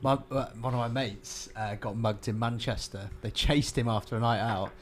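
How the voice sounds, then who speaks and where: A man co-hosting a casual podcast chat, asking quick questions and telling a friend's story. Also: mid-range voice, fairly even intonation, a little hiss or hum.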